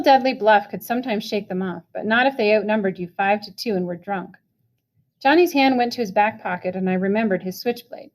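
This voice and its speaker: Woman reading a novel aloud. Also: mid-range voice. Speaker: reader.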